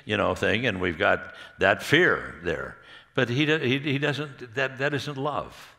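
A man preaching at a marriage conference, telling stories in a rambling, halting way and often laughing. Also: mid-range voice, lively intonation, creaky, bright, forceful tone, in a large hall. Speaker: pastor speaking at a marriage conference. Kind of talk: conversational sermon with storytelling. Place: church hall.

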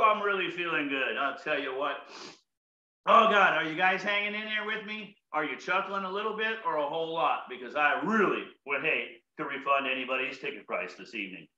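A man's voice: sits high, moderate pace, sharp tone. A man leading laughter yoga in a comedic way, talking playfully and joking with his audience in an upbeat manner. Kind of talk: comedic exercise instruction. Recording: roomy echo, slightly dull sound.

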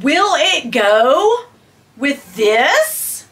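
Casting: woman in her fifties, bright, animated voice, haul vlogger gushing over gifts. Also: high-pitched, very slow. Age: 50s. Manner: gushing, squeals and gasps with delight, talks to viewers as girl and y'all. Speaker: beauty and fashion vlogger. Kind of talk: excited haul video chat.

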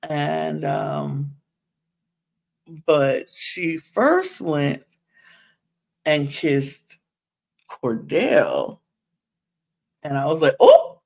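A woman's voice: low voice, big pitch swings, drawn-out words, vocal fry, pauses often. A woman hosting a podcast, giving a casual gossipy recap of a reality show, chatty and laughing often. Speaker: podcast host.

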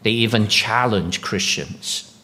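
Slow-speaking pastor preaching a sermon. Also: male voice, sharp tone. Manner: slow, halting delivery with questions to the congregation; rises sharply in pitch and volume when emphatic.

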